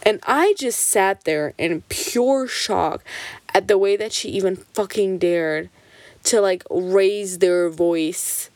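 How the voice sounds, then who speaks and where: A young woman vlogs casually about her childhood, swearing freely and packing her sentences with "like." She's animated, switching between quick bursts and drawn-out phrases, in a medium-pitched voice on a dry recording.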